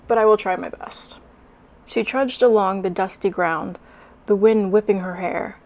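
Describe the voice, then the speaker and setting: A woman's voice: medium pitch, steady tone, a little slow. A woman hosting a video, mixing wry, sarcastic commentary with reading a story aloud. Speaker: fanfic reading host.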